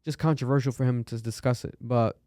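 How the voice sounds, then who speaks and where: This male podcast host is loose and conversational, full of fillers and frequent curses. He talks at a brisk pace in a mellow, medium-pitched voice with fairly even intonation, recorded at studio quality without echo.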